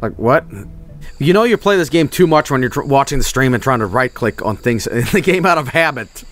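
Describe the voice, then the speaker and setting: A young man streaming a video game, swearing and reacting loudly to what happens on screen. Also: medium pitch, brisk, soft background music. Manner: excitable, swears a lot, yells at the game. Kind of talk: live game commentary.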